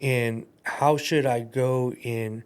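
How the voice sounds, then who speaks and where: Animated man telling stories casually. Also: medium pitch, takes it slowly, clear, resonant tone. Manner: animated storyteller, acts out quoted voices. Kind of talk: casual podcast conversation.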